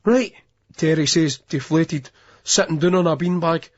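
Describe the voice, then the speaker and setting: A man narrating an audiobook in a steady storytelling manner, in a dull lo-fi recording. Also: fairly high pitch, normal speed. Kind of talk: scripted narration.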